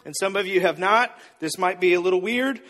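A man's voice: high-pitched, brisk, bright, forceful tone. A man preaching a sermon in a playful, upbeat way, speaking directly to his audience. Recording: reverberant hall.

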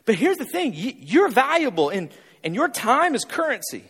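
A man with a high, very lively voice preaching to his congregation, hammering his point home through repetition and pointed questions. His voice rings out with a long reverb, as if he were in a large hall. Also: normal speed, slightly rough. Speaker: pastor. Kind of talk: sermon.

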